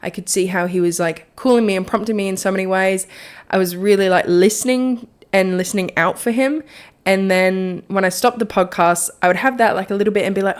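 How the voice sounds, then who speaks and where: A woman's voice: mid-range voice, steady tone, a little fast, clean tone. A young woman hosting a solo faith podcast, talking in a rambling, chatty way and laughing at herself. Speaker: podcast host. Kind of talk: casual solo podcast reflection.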